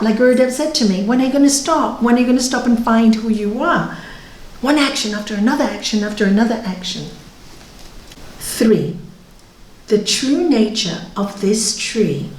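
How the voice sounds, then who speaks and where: Middle-aged woman giving a yoga scripture talk, higher voice, slow, roomy sound from off mic. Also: far from the mic. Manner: slow, reflective, laughs between points. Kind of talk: spiritual talk with readings. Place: yoga centre hall.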